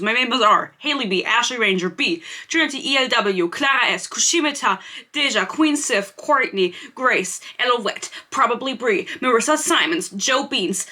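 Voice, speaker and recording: A young German woman with a German accent hosts a book channel and rambles casually to her viewers on camera. Her voice is on the high side with a sharp tone, and she chats away, often interrupting herself.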